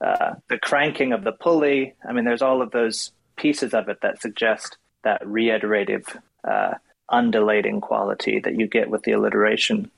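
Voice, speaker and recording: A man's voice: on the low side, fairly even intonation, normal speed, creaky, low-quality recording. A man with a nasal voice who talks about poems with hesitant, thoughtful fillers and then reads one aloud. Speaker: poetry discussion co-host. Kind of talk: casual discussion and poetry reading.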